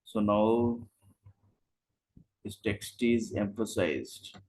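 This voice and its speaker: Man, online coding teacher, slow pace, rhetorical questions. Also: lowish voice, huge pitch swings, vocal fry, a little mellow, rough recording. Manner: explains in short steps, asks rhetorical questions. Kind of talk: live online class. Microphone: video call.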